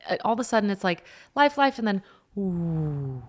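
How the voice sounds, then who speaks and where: A young woman co-hosts a podcast alongside her husband, sharing a personal story in casual chat. Her medium-pitched, sing-song voice moves at a moderate pace, and she sounds earnest and reflective, using plenty of fillers.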